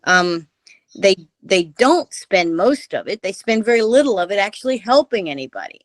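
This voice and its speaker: A woman's voice: mid-range voice, expressive, moderate pace, dry recording. A woman guest giving impassioned political commentary on a radio interview, speaking over a remote call with emphatic rhetorical questions. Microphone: remote call audio.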